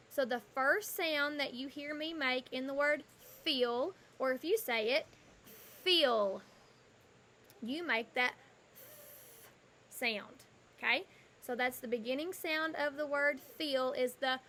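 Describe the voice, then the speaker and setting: A woman teaches kindergarten from her porch, slow and patient, repeating each word for small children. Her voice is high and bright. A faint hiss of background noise sits under her speech. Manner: patient, repeats and spells words out letter by letter. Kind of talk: slow, clear lesson for young children. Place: home porch.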